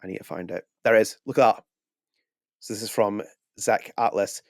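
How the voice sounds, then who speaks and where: A man co-hosting a video podcast, talking casually in a rapid, animated way with frequent restarts. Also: on the low side, vocal fry, dry recording, clean studio sound. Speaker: podcast co-host. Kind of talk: casual chat.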